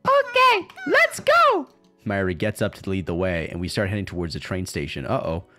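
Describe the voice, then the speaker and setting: A man's voice: deep voice, quick pace, soft background music. A man streaming a visual novel, reading it aloud dramatically and breaking into crude, jokey asides.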